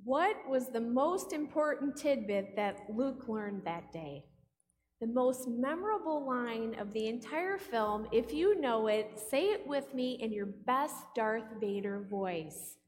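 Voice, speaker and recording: A woman's voice: on the high side, lively intonation, takes it slowly, darkish tone. A woman pastor delivering a playful sermon, often putting questions to the congregation. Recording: long hall reverb.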